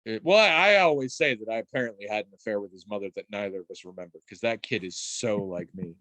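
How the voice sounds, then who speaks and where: An adult man on a podcast in casual chat, telling stories in a rambling, animated way with restarts and the odd swear. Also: on the low side, fast talker, no room sound. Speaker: podcast co-host.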